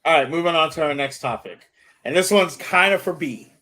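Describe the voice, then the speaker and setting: A man hosting a casual sports podcast, laid-back and laughing often, with a slow drawn-out delivery. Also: a little high, pushed and bright. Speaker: podcast host.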